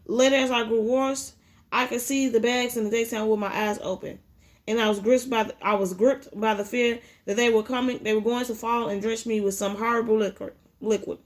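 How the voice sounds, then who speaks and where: A woman's voice: a little high, fairly even intonation, a little fast. A woman reading a memoir aloud, with an unpolished delivery full of restarts and self-corrections. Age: adult with a child. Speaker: audiobook reader.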